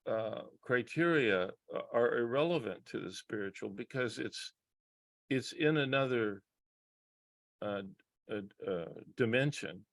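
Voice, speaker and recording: A man speaking as a guest psychologist in a reflective conversation, earnest and halting, with frequent restarts and pauses, heard over a video call. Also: medium pitch, lively intonation, no room sound.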